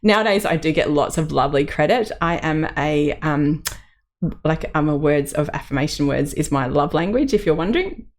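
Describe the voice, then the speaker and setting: A woman's voice: deep voice, animated, normal speed. A middle-aged woman, hosting her own podcast in a chatty, open way with plenty of ums. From Australia. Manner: chatty and open, many ums, laughs through emotion. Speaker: podcast host. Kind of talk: solo podcast reflection.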